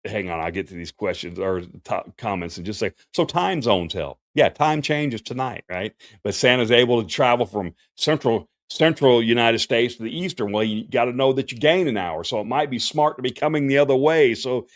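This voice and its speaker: A man's voice: medium pitch, lively intonation, moderate pace, hardly any pauses, no echo, clean studio sound. A man, a professional Santa performer hosting a casual livestream Q&A, talking in a folksy, chatty way with many fillers and restarts.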